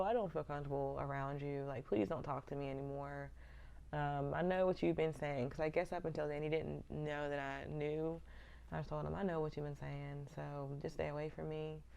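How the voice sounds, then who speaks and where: A young woman vlogs in a casual, candid way and keeps calling her viewers y'all. Her voice sits low, with a gravelly fry on it. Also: dark tone. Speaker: vlogger. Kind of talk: casual vlog talk to viewers.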